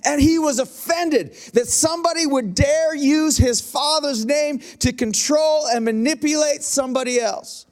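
Pastor, male, high-pitched voice, fiery emphatic sermon delivery. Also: measured pace, hardly any pauses, darkish tone. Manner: passionate, emphatic preaching with repetitions and asides to the congregation.

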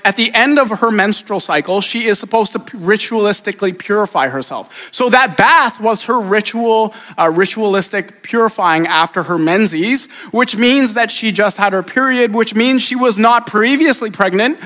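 A man preaching a sermon in a relaxed, conversational way, acting out the people in the story. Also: sits high. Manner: casual, conversational preaching with acted-out voices. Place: church sanctuary. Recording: church hall reverb.

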